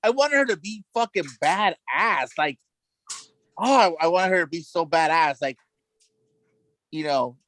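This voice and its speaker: A man's voice: on the high side, lively intonation, a bit bright. A man co-hosting a casual talk show, often stumbling and repeating words before he gets them out. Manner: halting, stumbling over words. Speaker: podcast co-host. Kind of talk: casual chat.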